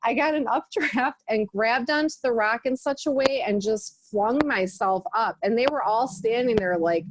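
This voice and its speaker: A woman on a group video call who tells a story with lively energy and laughs often. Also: on the high side, moderate pace, hardly any pauses, background noise. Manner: animated, laughs often while telling stories. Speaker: book study participant.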